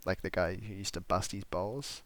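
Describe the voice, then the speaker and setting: A man's voice: sits low, moderate pace. A man co-hosting a film review podcast, casually retelling a plot, acting out the lines of the characters and swearing freely. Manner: lively storyteller who acts out the characters' lines. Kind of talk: casual film recap chat.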